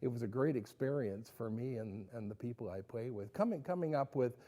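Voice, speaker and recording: A man speaking in a casual interview, halting and restarting as he thinks. His voice is mellow and warm. He talks at an easy conversational pace. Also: mid-range voice, lively intonation. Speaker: guest.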